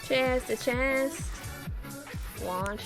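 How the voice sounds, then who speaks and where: Woman streamer, high and unhurried, reacting with self-mocking giggles. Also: music in the background. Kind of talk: casual live-stream chat.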